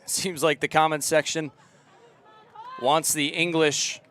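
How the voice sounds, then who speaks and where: A young man calling a live soccer match outdoors, relaxed and chatty, and loud on close chances. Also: fairly high pitch, slow. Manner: relaxed chatty commentary, rising to loud excited calls. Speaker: play-by-play commentator. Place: outdoor stadium.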